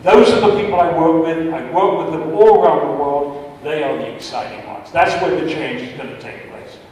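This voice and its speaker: A man's voice: on the high side, moderate pace, a little mellow. An older man, a retired chemist, giving an impassioned public talk, repeating words for emphasis and stumbling over his starts. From United States. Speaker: guest speaker, retired chemist. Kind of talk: public talk with audience questions. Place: large indoor hall. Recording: echoey hall from far off, faint noise.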